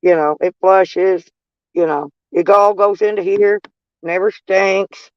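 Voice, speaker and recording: A woman's voice: medium pitch, a little slow, smooth, no room sound, muffled recording. A woman, chatting to her viewers from inside her van in a rambling, folksy and salty way. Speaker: vlogger. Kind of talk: casual rambling chat to viewers.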